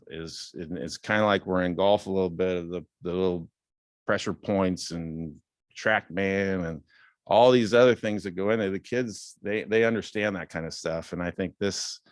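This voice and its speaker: A man in his fifties giving a casual talk as a guest speaker, relaxed and rambling with many fillers, lifting his voice when quoting others. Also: deep voice, normal speed, no room sound, studio quality. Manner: acts out quoted dialogue in a raised voice. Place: club meeting room.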